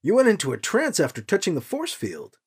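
A man's voice: high voice, wildly swooping pitch, brisk, breathy edge, voice pushed up, full character voice. A man voicing an earnest young male rebel on the run, speaking in an urgent, defensive way in a storybook reading.

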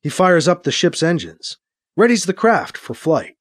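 A man reading a science fiction story as narrator, in steady storytelling narration. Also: on the high side, moderate pace. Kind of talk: scripted narration.

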